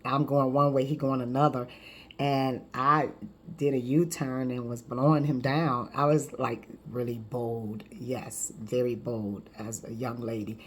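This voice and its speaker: A woman in her fifties, a life coach, telling her personal testimony in a lively, conversational way with frequent restarts. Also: extremely low pitch, measured pace, slight background noise.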